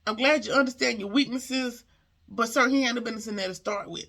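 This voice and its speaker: A woman's voice: on the high side, animated, brisk, sharp tone. A woman recapping a TV episode in casual commentary, sassy and talking back to the characters. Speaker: TV show reviewer.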